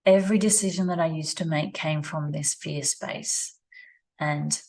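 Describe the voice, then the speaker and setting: A woman, talking slowly and reflectively in a personal vlog, repeating her phrases as she thinks aloud at her rural home. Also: sits low, steady tone, darkish tone. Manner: slow, musing, repeats phrases. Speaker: vlogger. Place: rural home with animals nearby.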